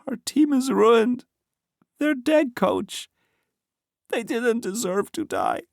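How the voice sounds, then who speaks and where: A woman's voice: on the high side, lively intonation, slow, creaky, darkish tone, dry recording, clean studio sound, pitched above the performer's own voice, full character voice. A man voicing an injured teenage girl athlete, drowsy and slurring her words while crying. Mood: tearful. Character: injured teenage girl football player, tearful. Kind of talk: audiobook character voice.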